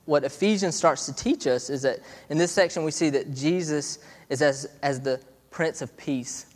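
A man in his thirties preaching a sermon in a chatty way, stopping and restarting often. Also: medium pitch. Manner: conversational, halting with many restarts. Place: church hall. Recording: long hall reverb.

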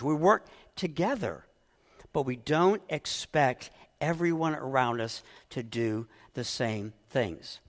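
A middle-aged man delivers a heartfelt sermon as pastor, his voice a touch higher than most men's. He is earnest and emotional and stumbles into restarts as he presses his point. A long reverb from the church hall follows his words. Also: very animated, a little slow, fairly bright tone.

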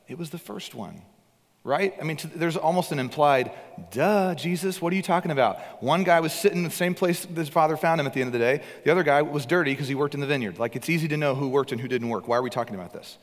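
A male pastor delivers a sermon in an earnest, emphatic voice of middling pitch. He swings from hushed to loud as he drives his points home. His voice rings out with a long reverb from a church hall. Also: lively intonation, quick pace.

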